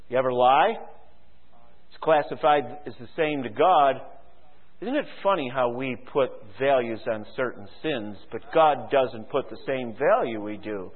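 High-voiced preaching man, tinny and echoing. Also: moderate pace. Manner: fervent preaching, rhetorical questions, quotes scripture aloud. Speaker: pastor. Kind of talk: sermon. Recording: tinny phone-like sound with long hall reverb.

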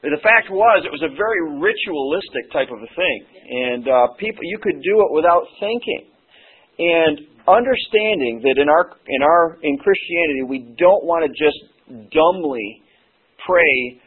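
A hoarse man preaching a sermon as pastor, earnest and halting, with many "uh" pauses. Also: fairly high pitch, animated. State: hoarse, losing his voice. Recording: tinny phone-like sermon recording.

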